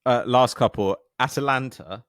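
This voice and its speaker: A man's voice: medium pitch, moderate pace, no room sound, clean studio sound. Wry English man, podcast co-host. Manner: wry, joking, relaxed. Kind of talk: casual chat.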